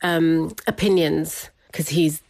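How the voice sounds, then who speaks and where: A woman, a guest in an interview, telling a personal story in an animated way, often laughing. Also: low voice, takes it slowly, creaky, no room sound. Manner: animated, laughs often, quotes family in voices.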